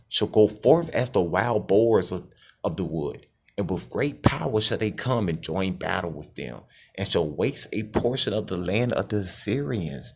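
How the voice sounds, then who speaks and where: A man preaches over scripture in a low voice that rises and falls dramatically. He keeps asking his listeners to answer him. Faint background noise sits under his voice. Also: vocal fry. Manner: calls out "families", asks call-and-response questions.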